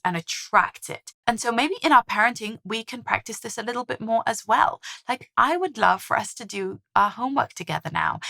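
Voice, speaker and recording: A woman's voice: medium pitch, pushed and bright. A woman parenting coach giving encouraging advice to mothers in a vlog, asking lots of rhetorical questions.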